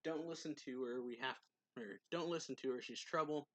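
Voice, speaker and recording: A man's voice: medium pitch, brisk, no echo, close to an everyday voice. A man voicing an earnest young male rescuer as he casually retells the lines in a slightly raised voice. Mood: urgent.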